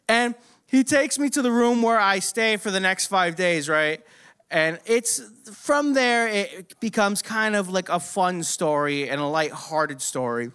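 Young guy telling a wild story, cussing and laughing a lot, really clear high voice. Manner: profane, laughing, animated storytelling. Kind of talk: casual storytelling.

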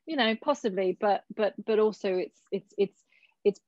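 A woman's voice: medium pitch, normal speed, darkish tone, no room sound. A woman talks through advice for an actor in a loose, chatty way, circling back on her words as she reassures. The sound is dry and a little dull, like call audio. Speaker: acting coach answering questions. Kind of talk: casual advice session.

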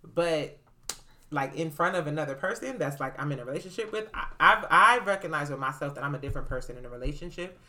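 A woman's voice: sits low, fast talker, hardly any pauses. A woman co-hosting a casual chat, telling stories animatedly and often laughing as she talks. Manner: animated storyteller, laughs while talking.

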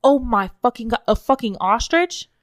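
A young woman co-hosting a podcast, excitable and quick to laugh, swearing freely in casual chat. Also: a little high, dry recording, studio quality. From American Midwest. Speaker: podcast co-host.

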